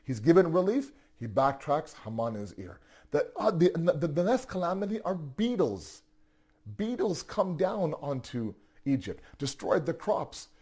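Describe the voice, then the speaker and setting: Husky, dark-voiced man telling a sermon story. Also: on the high side, unhurried. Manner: animated, with rhetorical questions and frequent restarts. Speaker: religious teacher.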